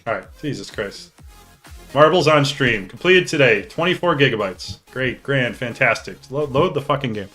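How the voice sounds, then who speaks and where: A man streaming live, talking straight to his chat in a joking, excitable way with the odd swear word. His voice sounds bright and forward, and faint music plays underneath. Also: medium pitch, normal speed. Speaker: streamer hosting a hockey league draft.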